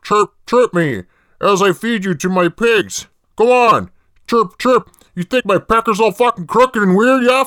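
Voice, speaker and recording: A man's voice: sits high, fairly bright tone, no room sound, studio quality. A man putting on the voice of a crude, gleeful jailed serial killer, reciting mock poetry and hurling profane taunts. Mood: mock-poetic. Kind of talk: comedic impression bit.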